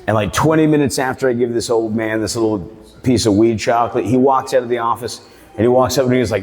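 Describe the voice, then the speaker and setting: Talking fast in a medium-pitched, darkish voice, a comedian spins a profane, meandering stand-up story at a barbershop show. The recording carries the long reverb of a live room.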